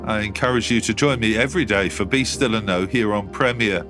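A man hosting a short radio devotional, reading scripture and telling a story in a calm, measured way. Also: fairly low pitch. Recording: dry studio voice over soft music.

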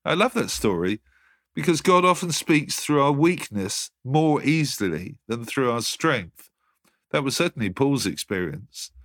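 A man hosting a short radio devotional, reading scripture and telling a story in a calm, measured way. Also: medium pitch, dry recording. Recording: dry studio voice over soft music.

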